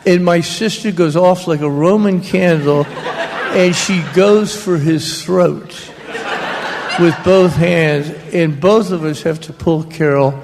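Slow, gravelly older storyteller. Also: male voice, on the high side, noisy background. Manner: slow, drawling anecdotal delivery with laughs in the voice. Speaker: author speaking on stage. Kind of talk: storytelling to a live audience. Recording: long reverb of a hall.

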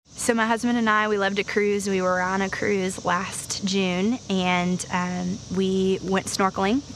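A woman shares her own story in an earnest, faith-filled testimony. Her voice carries a gravelly fry and stays fairly level in pitch. Steady noise sits under the recording. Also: measured pace. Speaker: guest storyteller. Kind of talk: personal testimony. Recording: noisy recording.

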